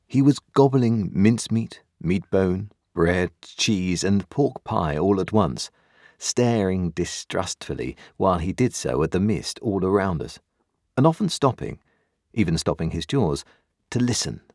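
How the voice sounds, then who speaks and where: A man narrating a classic novel with a very deep voice and a lively, shifting pitch. His delivery is measured and expressive. The recording is dry and close, with no room sound. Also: no echo. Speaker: audiobook reader.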